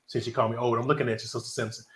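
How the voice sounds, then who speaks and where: A man's voice: medium pitch, fairly even intonation, very fast, roomy sound, crowd noise. A man in his forties hosting a casual group chat about relationships, emphatic and preachy, acting out quoted dialogue as he makes his point. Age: 40s. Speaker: podcast host.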